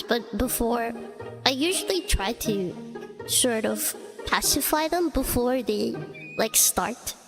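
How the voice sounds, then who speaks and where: Chatty young woman streamer, rambling. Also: a little high. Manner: rambling, filler-heavy, giggly storytelling. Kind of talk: casual chat. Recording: long reverb with loud background music.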